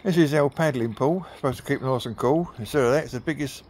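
While filming his dogs in a garden with a handheld camera, a man chats to them casually, laughing, teasing and cheering them on. He talks fast in a medium-pitched, darkish voice with a breathy edge.

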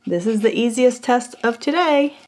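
A woman's voice: on the high side, expressive, normal speed, a little mellow, soft background music. A woman product reviewer chatting casually and jokingly in her home kitchen as she cooks, laughing often. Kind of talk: casual chat while cooking.

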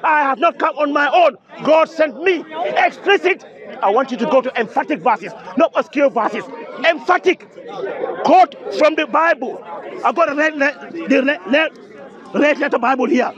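A man's voice: very high voice, lively intonation, moderate pace. A man debating religion at an outdoor speakers' corner, insistent and repetitive, citing verses emphatically. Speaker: street debater. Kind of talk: open-air religious debate. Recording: dull outdoor recording with crowd. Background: crowd noise.

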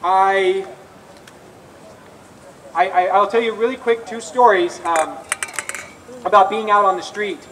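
At an outdoor rally in a public square, a man gives an earnest, confessional testimony about recovery, often restarting his sentences. His voice sits high and a bit bright, slow with frequent pauses; the recording is distant, with faint ambience and slight background noise.

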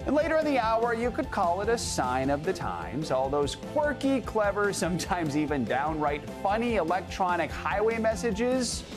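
A man anchoring a morning news broadcast with lively delivery and light joking banter. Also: sits high, moderate pace, few pauses. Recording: studio voice over theme music.

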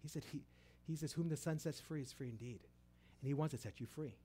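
A middle-aged man preaching a sermon. He tells stories with many restarts, rising loud for emphasis and dropping soft. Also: fairly high pitch, fast, slight background noise.

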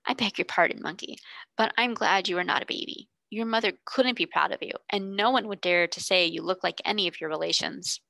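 A woman voicing a kind, gentle young girl who speaks softly and earnestly, often near a whisper. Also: mid-range voice, a little fast, vocal fry, dry recording. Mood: tender.

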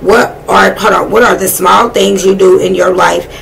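Woman tarot reader, blunt and excitable, cursing a lot; fry in the voice, noisy home recording. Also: mid-range voice, normal speed. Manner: profane, blunt and excitable, talking to spirit. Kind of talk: casual live tarot reading.

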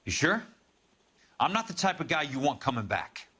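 An actor playing a tough 1940s police detective who questions people bluntly, in film noir style. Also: male voice, on the high side, sing-song, normal speed, sharp tone, husky, full character voice.

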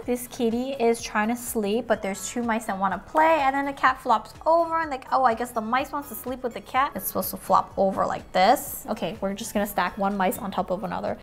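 A woman hosting a casual toy unboxing, bubbly and exclaiming as she talks to viewers like friends. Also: fairly high pitch.

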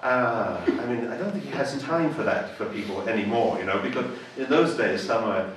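A man's voice: mid-range voice, normal speed, a little hiss or hum. A man with an English accent giving a personal testimony, a self-deprecating storyteller who acts out the voices of people in his story. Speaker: church member giving a testimony. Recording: echoey room heard from a distance.

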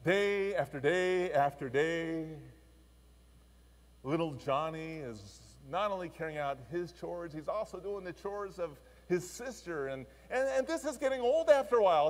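A man's voice: on the high side, measured pace. Man preaching in a reverberant church. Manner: storytelling, expressive. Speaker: pastor. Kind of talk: sermon.

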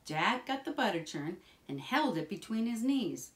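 A woman reading a children's picture book aloud in a slow, expressive, sing-song way. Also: mid-range voice. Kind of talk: children's storybook read-aloud.

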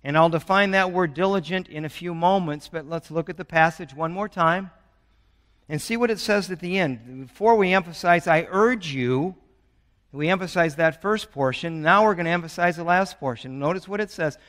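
A man's voice: a little high, brisk, a bit bright. A man in his sixties preaching a sermon as pastor, earnest and urgent, mixing personal stories with scripture. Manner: earnest, building urgency with storytelling. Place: church sanctuary. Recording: long church reverb.

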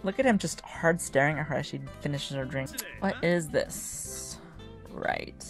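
A fairly low-voiced woman gives chatty, excitable game commentary, teasing and cheering the characters on. Faint game music plays underneath. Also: measured pace. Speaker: gaming channel host.

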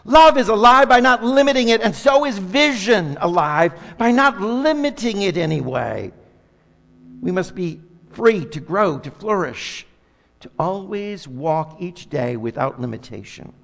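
Middle-aged male pastor, high-pitched, impassioned sermon delivery with big dynamic swings, reverberant church. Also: big pitch swings, a little slow, vocal fry. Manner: impassioned preaching with dramatic swings between soft and loud. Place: church sanctuary. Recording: long hall reverb.

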